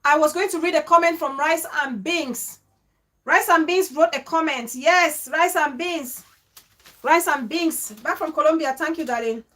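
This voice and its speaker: A woman with a high-pitched voice hosts her own vlog, speaking emotionally and exclaiming as she reads viewer comments aloud. She is from Cameroon and breaks off her reading with her own asides to the audience. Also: moderate pace, a bit bright. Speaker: vlogger.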